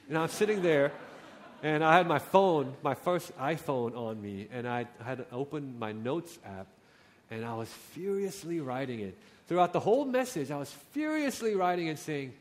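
A man preaching a personal testimony, his voice sitting a little high and swinging widely in pitch as he tells the story. He acts out his own side of conversations in prayer, rising and dropping to quiet, earnest tones. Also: very animated, moderate pace. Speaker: pastor.

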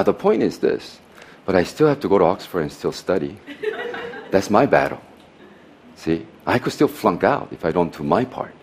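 A man in his fifties preaching a sermon with personal testimony, telling stories in a loose, halting way and laughing at his own jokes. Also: low-pitched, darkish tone, slight background noise. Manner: loose, halting phrasing with frequent "you know". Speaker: pastor.

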